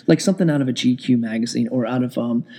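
A man with a gravelly, husky voice tells a story in a loose, rambling way. His tone is dark and mellow, and he swears freely and pokes fun at himself. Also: medium pitch, quick pace. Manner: rambling, profane, self-deprecating. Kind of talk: casual storytelling vlog. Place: indoors at home with TV on.

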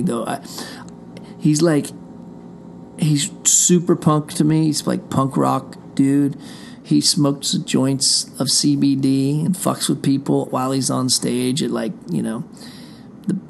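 A middle-aged man with a gravelly, fry-laced voice rambles through a casual monologue, swearing freely and drifting from one thought to the next. He speaks at an everyday pitch, straight to his listeners from a room indoors, with faint noise underneath. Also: a little mellow. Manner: profane, digressive, talks straight to listeners. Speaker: show host. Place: indoor room behind a closed door.

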